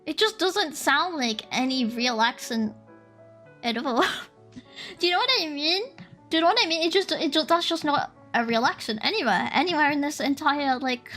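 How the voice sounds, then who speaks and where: A woman's voice: high voice, animated, moderate pace, a bit bright, faint music behind. A woman streamer in casual stream chat, rambling and giggly as she thinks aloud.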